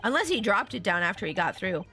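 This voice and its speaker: A woman's voice: medium pitch, big pitch swings, fast, sharp tone, breathy edge, faint music behind. A young adult woman streaming a game, making playful, giggly asides. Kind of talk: casual game-stream commentary.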